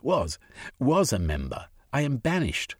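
A man's voice: mid-range voice, wildly swooping pitch, unhurried, no echo, studio quality, pitched above the performer's own voice. A man voicing a passionate young aristocrat turned radical, pleading his case in a storybook reading. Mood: impassioned.

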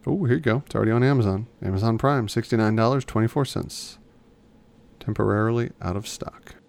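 Gravelly low-voiced man chatting. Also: a little fast, a little mellow. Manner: chatty, rambling, self-correcting. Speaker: podcast co-host. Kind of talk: casual chat.

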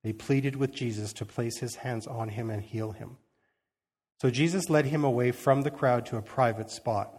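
A man's voice: mid-range voice, moderate pace, a little mellow, breathy edge. A man giving an informal sermon, reading scripture and retelling it in a conversational way, acting out the quotes and chuckling as he goes. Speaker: preacher.

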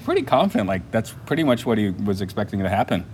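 A man's voice: lowish voice, very animated, fast, darkish tone, a little hiss or hum. A man co-hosting a casual film podcast, laughing often and trailing off with fillers. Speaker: podcast co-host. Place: lives in Japan.

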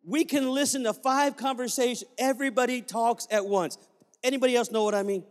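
A pastor from Puerto Rico delivers a storytelling sermon and animates it by voicing the dialogue. His voice is fairly high for a man. A long reverb from the hall trails every phrase. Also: fairly even intonation, a little fast.

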